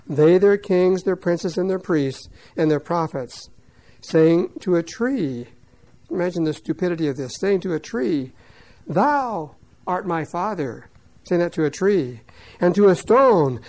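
A man teaching verse by verse, reading scripture slowly and loudly, then explaining it quickly in plain words. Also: sits high, rough recording. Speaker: Bible teacher. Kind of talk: verse-by-verse Bible commentary.

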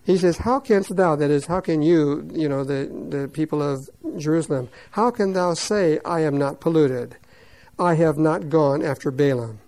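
A man teaching verse by verse, reading scripture slowly and loudly, then explaining it quickly in plain words. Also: fairly high pitch, rough recording. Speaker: Bible teacher. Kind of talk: verse-by-verse Bible commentary.

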